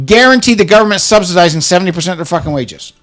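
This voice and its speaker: A man's voice: high-pitched, expressive, rapid-fire, fairly bright tone, soft background music. A middle-aged man in casual chat, ranting heatedly with lots of swearing and stammered restarts. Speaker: co-host.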